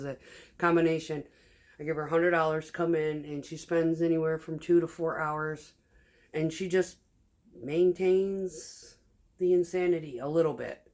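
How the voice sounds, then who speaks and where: A woman vlogger chatting casually at home, rambling, swearing a lot and laughing often. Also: low voice. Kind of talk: casual chat while sewing. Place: home kitchen.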